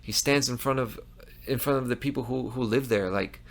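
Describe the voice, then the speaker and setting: A man's voice: medium pitch, fairly quick, vocal fry. A man hosting a commentary show, talking in a heated, emphatic way with frequent restarts. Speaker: host. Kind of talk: impassioned commentary monologue.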